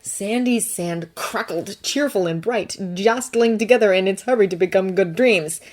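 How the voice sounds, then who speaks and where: A woman reading fan fiction aloud in steady, even audiobook narration. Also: medium pitch, normal speed. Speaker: fanfiction narrator.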